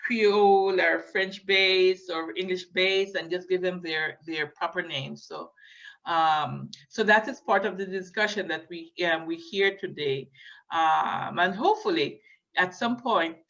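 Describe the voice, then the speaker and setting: A woman giving a lecture, hesitant and filling pauses, often checking in with her listeners. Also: on the low side, fairly bright tone. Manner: hesitant, many fillers, checks in with "okay?". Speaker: linguistics lecturer. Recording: dull lo-fi recording.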